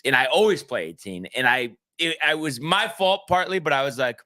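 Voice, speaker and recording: A man on a casual podcast, rambling through a story with lots of restarts and little acted-out quotes. His voice is bright and forward, sitting at a middle pitch. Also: lively intonation, brisk. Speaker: podcast co-host. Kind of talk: casual chat.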